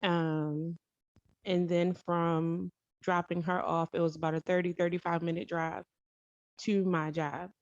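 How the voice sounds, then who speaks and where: Her lowish voice stays level and unhurried as this vlogger tells a personal story in a rambling, casual way. She corrects herself and adds emphatic asides, and the dull lo-fi recording has no room sound.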